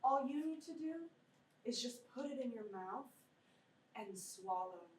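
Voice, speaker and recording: A woman's voice: a little high, lively intonation, measured pace, a little hiss or hum. A woman playing a dippy therapist who gives rambling, folksy, soothing advice in a comedy sketch. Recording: roomy, distant mic with faint ambience.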